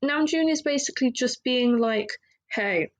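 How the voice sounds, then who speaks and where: Chatty woman, higher voice. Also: expressive, a little slow, low-quality recording. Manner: candid and rambling, with many fillers and restarts. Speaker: podcast host. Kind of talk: casual solo podcast monologue.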